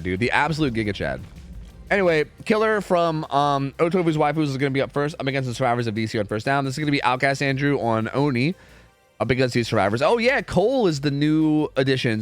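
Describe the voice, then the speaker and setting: A man's voice: mid-range voice, animated, fast talker, no echo, soft background music. A young man casting esports scrims live on stream, profane and trash-talking as he commentates.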